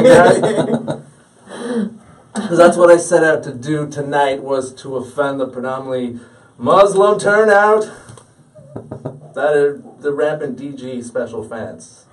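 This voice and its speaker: A man's voice: a little high, expressive, slow pace, pauses often. A man in his late thirties doing a stand-up comedy set, self-deprecating and punchy. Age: 30s. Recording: stage audio from a distant mic.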